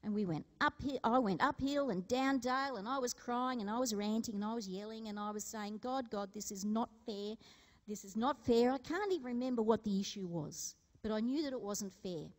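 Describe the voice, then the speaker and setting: A woman's voice: on the high side, lively intonation, a little fast, hardly any pauses, big-room sound. A woman giving a conversational sermon, telling stories and asking the congregation questions. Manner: storytelling, asks the congregation questions. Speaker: preacher. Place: church hall.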